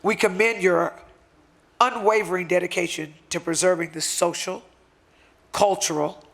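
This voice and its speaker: A man's voice: high-pitched, steady tone, moderate pace, vocal fry, fairly bright tone. A man giving an impassioned, emotional speech at a luncheon, speaking in a fervent, conversational way as he presents a certificate.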